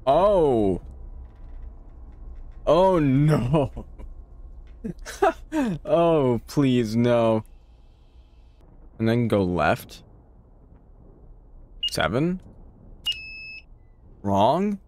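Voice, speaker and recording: A man comments on a horror game in a slow, drawn-out way, his pitch leaping up and down as the scares come. He is jumpy and loud-mouthed, swearing at the figures and talking back to the screen. It sounds like a streamer at his desk mic. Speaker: gaming streamer.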